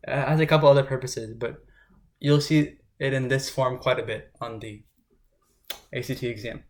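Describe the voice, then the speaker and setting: A man with a steady mid-range voice, speaking at normal speed, teaches grammar rules as a test prep tutor. His style is informal, and he often checks in with his listeners using "right?"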